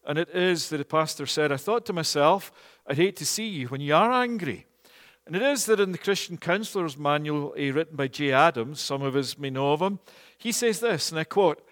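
A man preaching a sermon in a church, measured and earnest, often pausing on "eh". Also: fairly high pitch, expressive, a bit bright, big-room sound. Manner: measured and earnest, with frequent "eh" fillers. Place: church, also streamed online.

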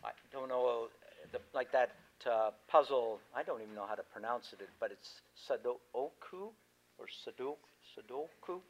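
A man's voice: mid-range voice, fairly even intonation, normal speed, poor audio. A man preaching a sermon, chatting easily with his congregation, then reading scripture aloud with rising emphasis. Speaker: pastor.

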